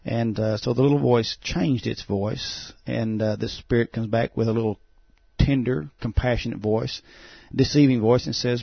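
Gravelly man, halting. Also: mid-range voice, fairly even intonation, dry recording. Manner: halting, many "uh" fillers. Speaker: pastor and guest. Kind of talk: testimony on a talk show. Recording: dull, muffled sound.

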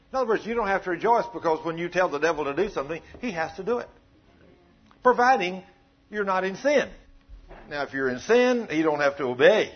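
A man's voice: sits high, sing-song, fairly quick, breathy edge, lo-fi sound. A man preaching a sermon in a folksy, conversational way, joking with his congregation.

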